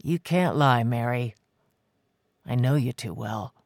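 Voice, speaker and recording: A reader voicing a determined man who speaks calmly and firmly, refusing to back down. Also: slow pace, dry recording, studio quality. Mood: calm, insistent. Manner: calm, firm, low-key. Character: determined man, calm, insistent, devoted. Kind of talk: audiobook character voice.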